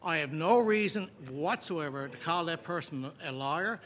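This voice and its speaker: A man, an opposition member in a committee debate, talking indignantly and slowing down to stress his words. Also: fairly high pitch, animated, fairly bright tone, a little hiss or hum. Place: legislative chamber.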